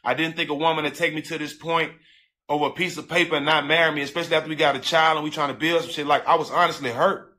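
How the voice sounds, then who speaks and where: A man recounts a personal story in a bright, tense voice set a little higher than most. He talks straight to his listeners in casual, profane slang and often circles back to repeat himself as the feeling builds. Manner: animated, profane street slang, addresses listeners directly; emotional, breaks into halting repeats.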